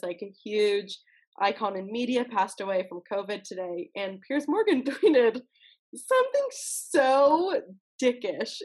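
A blunt, opinionated woman co-hosting a casual chat show. Her voice has a husky edge, and she laughs often between strong opinions. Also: medium pitch, a little mellow. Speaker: podcast co-host.

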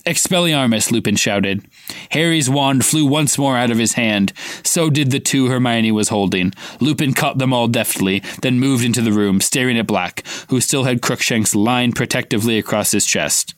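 A man's voice: mid-range voice, normal speed, no room sound. A man co-hosting a podcast, reading a novel aloud in a casual way and giving the characters' lines a little acting. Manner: reads dialogue with light acting, stops to quiz his co-host.

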